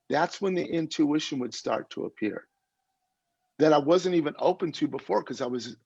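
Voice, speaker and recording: A man telling a personal story in a spiritual talk, animated and laughing as he retells it, speaking on a video call. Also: on the high side, gravelly, breathy edge, no echo. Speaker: guest speaker. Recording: dull lo-fi call audio.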